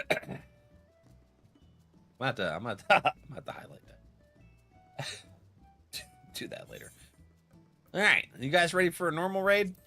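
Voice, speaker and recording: A man's voice: fairly high pitch, sing-song, measured pace, pauses often, sharp tone, faint music behind. A man streaming a game and chatting casually, laughing often and acting out his friends' lines, while getting over a cold. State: has a cold. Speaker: gaming streamer.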